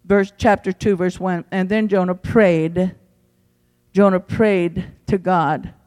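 High-voiced fervent preacher in a reverberant hall. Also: male voice, little pitch movement, slow pace. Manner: fervent preaching with big swings in pitch and loudness. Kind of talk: evening sermon. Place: church sanctuary.

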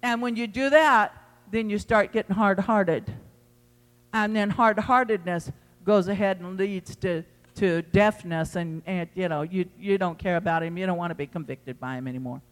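A man's voice: high-pitched, moderate pace, fairly bright tone. A man preaching a sermon to his congregation, emphatic and repeating his phrases as he addresses the church. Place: church sanctuary. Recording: long hall reverb in a church.

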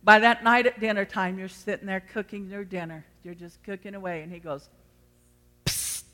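A woman preacher delivers a sermon with a bright, forceful voice. She builds to loud, repeated declarations and then drops to hushed, chatty asides. Long church hall reverb trails every line. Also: mid-range voice, fairly even intonation, brisk. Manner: swings from loud exhortation to quiet asides. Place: church sanctuary.

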